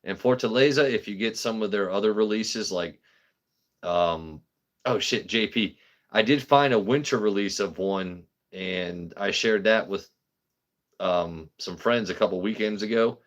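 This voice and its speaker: A man's voice: on the low side, a little slow, lo-fi sound. A man hosting a livestream in casual, rambling chat, swearing freely as he talks. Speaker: livestream host.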